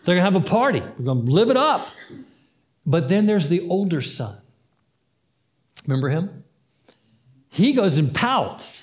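A pastor delivering a sermon in a conversational way, acting out the story's dialogue and repeating phrases for emphasis. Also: male voice, high voice, big pitch swings, measured pace, pauses often.

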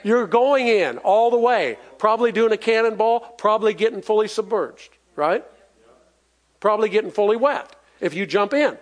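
A man's voice: high-pitched, expressive, normal speed. A man preaching a sermon in a folksy, emphatic way, asking the congregation for responses and chuckling as he goes.

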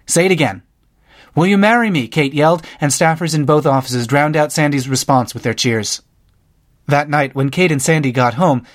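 A man narrating a nonfiction book, lifting his voice for quoted speakers. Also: medium pitch. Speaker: audiobook narrator. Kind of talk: scripted narration.

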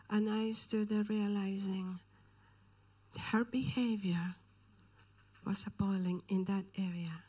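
A woman's voice: medium pitch, breathy edge. A woman preaching and telling a personal story, often dropping into a whisper for emphasis. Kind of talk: sermon storytelling.

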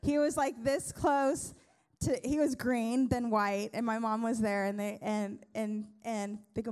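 High-voiced woman pastor preaching with humor. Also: measured pace, clear, resonant tone. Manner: lively, conversational preaching with humor and many restarts. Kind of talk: sermon.

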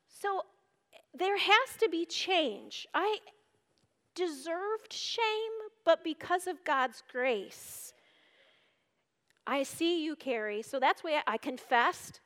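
A woman giving an earnest devotional teaching, reading scripture aloud and explaining it, shifting between urgent emphasis and hushed tones. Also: extremely high pitch, animated, takes it slowly. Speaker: speaker at a church gathering. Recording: reverberant hall.

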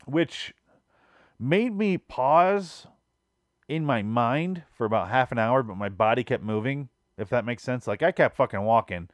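A man's voice: mid-range voice, lively intonation, measured pace, dry recording. A man hosting a podcast, telling a comic story in a rambling, profane, exasperated way. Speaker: podcast host. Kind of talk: casual comedic storytelling.

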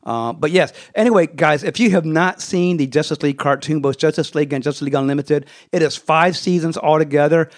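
A man's voice: on the high side, a little fast, few pauses. A man hosting a casual chat, eagerly retelling cartoon scenes and acting out bits of the dialogue. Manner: animated retelling with acted quotes. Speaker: podcast host.

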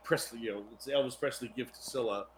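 A man's voice: medium pitch, quick pace, a little hiss or hum. A man co-hosting a podcast, crudely retelling a TV episode and acting out the characters' lines. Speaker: podcast co-host. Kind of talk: casual chat recapping a TV episode.

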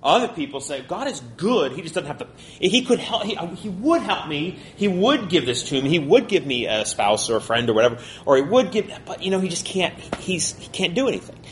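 A man teaching a college Bible class, talking quickly and conversationally and putting questions to his listeners. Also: fairly high pitch, sing-song, slight background noise.

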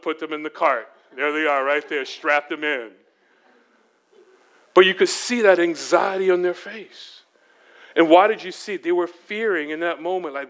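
A middle-aged man preaching at a church retreat, with a bright, forceful voice and crisp, resonant diction. His pitch sits a little high for a man. He puts questions to the room and answers them himself, and acts out the voices he quotes. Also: moderate pace. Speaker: guest speaker. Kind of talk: sermon.

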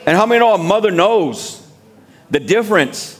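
High-voiced preacher man. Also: animated, moderate pace. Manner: preaching with rising shouted appeals and call-and-response. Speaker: guest preacher. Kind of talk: sermon. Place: church.

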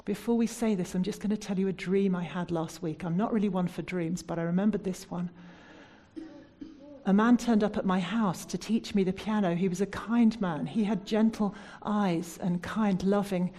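A woman from the United Kingdom delivers a sermon in a mellow, slightly husky voice. She puts earnest, searching questions to her listeners and softens into a prayerful tone when she leads them in prayer. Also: medium pitch, fairly even intonation, normal speed. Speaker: preacher.

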